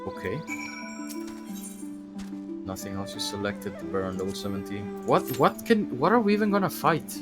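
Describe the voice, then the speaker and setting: A man's voice: fairly low pitch, normal speed, pauses often. Man streaming a game over music. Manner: chatty, thinks aloud, bursts into excited yelps. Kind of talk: casual gameplay commentary. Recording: game music playing behind.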